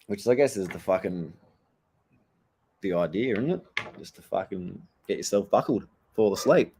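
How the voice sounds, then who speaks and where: Young Australian male vlogger, relaxed slangy storyteller, low dark tone, casual chat. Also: normal speed, slight background noise. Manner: laid-back, heavy swearing, slangy storytelling.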